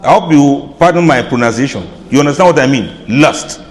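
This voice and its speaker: A man giving an informal religious lecture, chatty and often laughing, playing out reactions with soft drawn-out sighs. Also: medium pitch, lively intonation, long reverb tail. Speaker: Islamic lecturer. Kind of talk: informal sermon.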